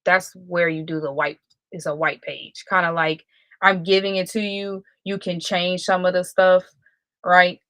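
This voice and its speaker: A woman's voice: fairly low pitch, level tone, unhurried, fairly bright tone, no room sound. A woman hosting a live stream, talking casually and rambling, often correcting herself mid-sentence. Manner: rambling, self-correcting, chatty. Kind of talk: casual livestream talk.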